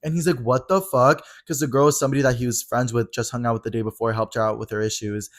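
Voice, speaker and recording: A young man co-hosting a podcast, retelling a night out in a fast, animated casual chat. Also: medium pitch. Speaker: podcast co-host.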